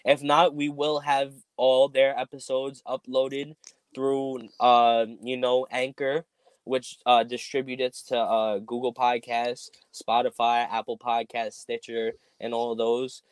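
A man's voice: medium pitch, level tone, takes it slowly, clear, resonant tone, dry recording. A man hosting a casual podcast, rambling with lots of ums while making announcements. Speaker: podcast host.

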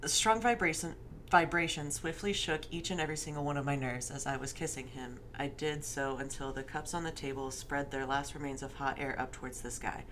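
A woman with a low, deep voice reads a story aloud in a steady, deliberate way. A faint hiss sits under the recording. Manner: reads aloud steadily, slipping into laughter and swearing at the text. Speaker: reader of a fan story. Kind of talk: dramatic reading with joking asides.

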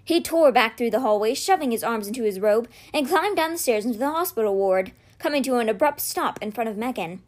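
Woman reading a novel aloud, fairly high voice. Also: expressive, brisk, few pauses. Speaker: read-aloud podcast host.

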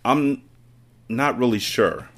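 A man voicing a small, serious five-year-old girl who answers quietly and politely. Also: mid-range voice, slow.

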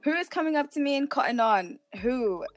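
A young woman with an Australian accent chats loosely on a podcast, laughing often and acting out bits of what others said. Her voice sits a little high and sounds close and dry. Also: animated, a little fast, dry recording. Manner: giggly, chatty, acts out quoted voices. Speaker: podcast co-host. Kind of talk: casual chat.

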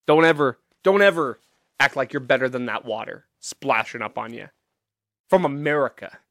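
A man's voice: medium pitch, normal speed, fairly bright tone, no echo, clean studio sound. A man hosting a podcast, delivering a profane, sarcastic comedic rant in a casual monologue. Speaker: podcast host.

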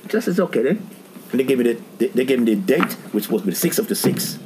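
Animated man telling a story, gravelly. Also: medium pitch, fast talker, noisy background. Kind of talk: casual chat.

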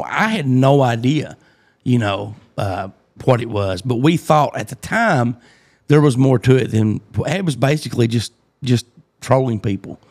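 A man's voice: mid-range voice, a little mellow. A man hosting a podcast, talking hesitantly with many fillers and a dry sarcastic streak. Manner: hesitant, lots of uh and you know, sarcastic. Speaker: podcast host. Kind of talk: casual podcast chat.

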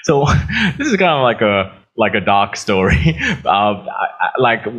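Young aussie pastor preaching, husky lowish voice, gets lively telling stories. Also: male voice, unhurried, lo-fi sound. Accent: Australian, with some American. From Australia. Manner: animated storytelling, laughs at own jokes. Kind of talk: sermon.

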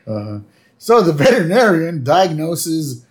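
Animated man recapping an episode. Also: fairly high pitch, unhurried. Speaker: podcast co-host. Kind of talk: casual chat recapping a cartoon episode.

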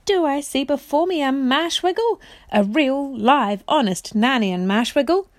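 A woman's voice: sits high, expressive, a little slow, no echo, pitched above the performer's own voice. Proud, formal enchanted prince, storybook read-aloud by a woman, dry close sound. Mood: delighted. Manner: formal, old-fashioned royal speech. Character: enchanted knight prince, man, proud and commanding.

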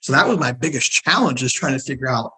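A middle-aged man, a guest telling stories in a casual interview, animated and acting out the people he quotes. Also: medium pitch, quick pace, low-quality recording. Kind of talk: casual storytelling.

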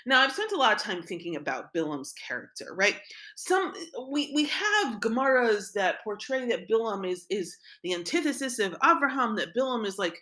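A woman teaches a Torah lesson in a chatty, conversational way. Her voice is bright and forceful, and she keeps tossing in "right?" and "like" as she retells the story. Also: a little high, sing-song, moderate pace. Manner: conversational, frequent "right?" and "like" asides.

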